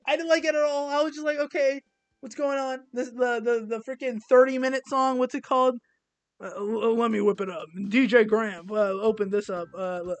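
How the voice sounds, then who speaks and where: A young man talking casually as he ranks albums, rambling and self-deprecating, with many halting restarts. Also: very high voice, sharp tone. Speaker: music reviewer. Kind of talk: casual album ranking monologue.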